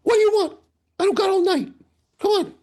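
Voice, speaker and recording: A grumpy squeaky old bartender. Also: male voice, brisk, a little mellow. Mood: impatient. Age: older. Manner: gruff, impatient, snapping at customers. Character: grumpy older short male bartender.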